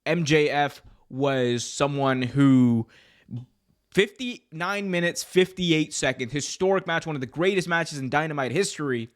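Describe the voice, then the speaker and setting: A man co-hosting a casual wrestling preview podcast, animated and jokey. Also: on the high side, a little slow. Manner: animated, jokey, puts on mock accents. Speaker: podcast co-host.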